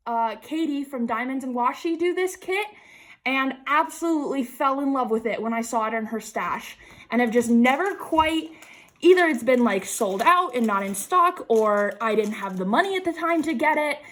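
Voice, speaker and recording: A young woman vlogging an unboxing in casual chat, gushing and excitable, repeating exclamations and laughing often. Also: high-pitched, normal speed. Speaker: crafting vlogger.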